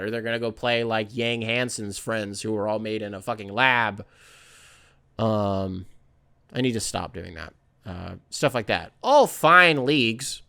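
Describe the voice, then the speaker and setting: Man, podcast host, casual rambling chat, smooth clear voice, middle pitch. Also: fairly bright tone. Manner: rambling, loose and profane, full of fillers.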